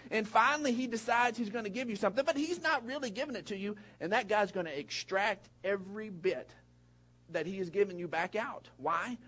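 A middle-aged man delivers a sermon from the pulpit. His voice sits fairly high for a man. He tells a story, laughing often, then presses his point home with emphasis. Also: a bit bright. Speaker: pastor.

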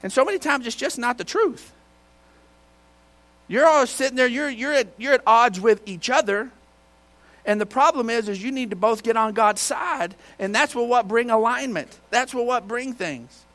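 A man's voice: very high-pitched, normal speed. Folksy preacher man. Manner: folksy storytelling with bursts of shouting. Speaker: pastor. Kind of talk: sermon. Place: church.

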